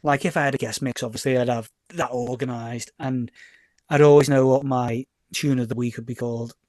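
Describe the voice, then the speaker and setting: A man's voice: mid-range voice, fairly quick, dry recording. A middle-aged man from Liverpool with a Scouse accent, chatting as a guest in a casual interview, rambling and correcting himself as he tells stories. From Liverpool, England. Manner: rambling and self-correcting, often repeats words; lively storyteller who acts out quoted exchanges. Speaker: DJ and label owner, podcast guest.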